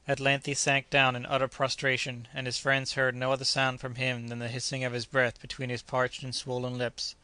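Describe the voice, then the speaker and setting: A man narrating an adventure audiobook in a measured, steady reading. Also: medium pitch, smooth, no echo.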